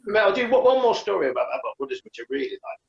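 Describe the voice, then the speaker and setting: A man with a lively, up-and-down voice talks casually over a beer and rambles through restarts and fillers. The sound is roomy and a little dull. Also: high-pitched, very fast, vocal fry. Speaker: karate instructor.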